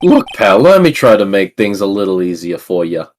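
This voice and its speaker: A woman's voice: extremely low pitch, very animated, moderate pace, darkish tone, a little hiss or hum, voice pushed down. A woman voicing a laid-back cowboy detective man with a put-on Southern US drawl, reading game dialogue on a livestream. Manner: lazy drawling delivery with folksy slang.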